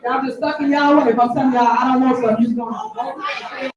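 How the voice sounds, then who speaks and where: Woman, official at a public board meeting, high-ish voice, emphatic and repetitive, distant mic in a booming hall with a crowd behind. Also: steady tone, a little fast, muffled recording. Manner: emphatic, repeats pointed questions. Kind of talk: heated remarks at a public meeting. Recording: echoey hall audio from far off with crowd. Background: crowd murmur.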